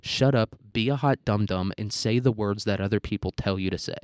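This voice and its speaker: A man's voice: on the low side, brisk, dry recording, studio quality. A young American man hosting a solo podcast, ranting and rambling with lots of swearing and fillers. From United States. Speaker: podcast host.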